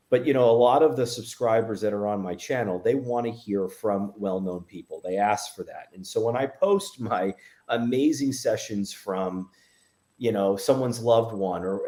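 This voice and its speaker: A man's voice: fairly low pitch, dark tone. A man, a medium guest, telling a story in a casual interview, rambling with many fillers and restarts.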